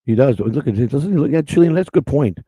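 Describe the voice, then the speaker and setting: A man's voice: mid-range voice, expressive, quick pace, warm tone, husky, no echo. A middle-aged man hosting a live show, rambling in casual chat with blunt, profane asides and many restarts.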